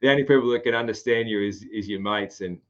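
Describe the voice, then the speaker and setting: A man's voice: fairly low pitch, fast talker, muffled recording. A man with a broad rural Australian accent hosting a casual podcast chat, rambling with lots of fillers and restarts. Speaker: podcast host.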